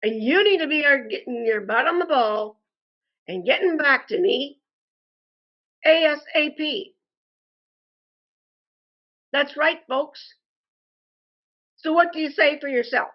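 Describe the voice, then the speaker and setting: A frustrated woman delivering an indignant complaint monologue, speaking deliberately and calling her listeners "folks". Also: high voice, lo-fi sound. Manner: slow, deliberate and indignant, addresses viewers as "folks". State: frustrated and angry. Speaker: customer posting a complaint review.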